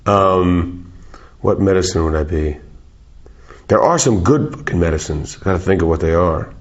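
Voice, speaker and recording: A man's voice: low-pitched, normal speed, dull audio. A man in his forties from South Africa, chatting loosely in an interview, rambling, joking and swearing freely. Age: 40s. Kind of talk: casual interview chat.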